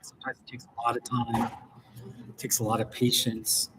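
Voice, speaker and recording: A man's voice: medium pitch, monotone, normal speed, noisy background. A middle-aged American man chatting casually on a livestream as a therapist, rambling and restarting his sentences. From United States. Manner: rambling, chatty, with self-interrupting restarts and laughs. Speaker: therapist hosting a live stream. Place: home in a small rural mountain town.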